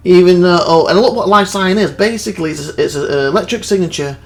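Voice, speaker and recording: A man's voice: sits high, fast, creaky. A young man hosting a let's play, rambling through anecdotes and acting out quotes with laughs. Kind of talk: casual chat over gameplay.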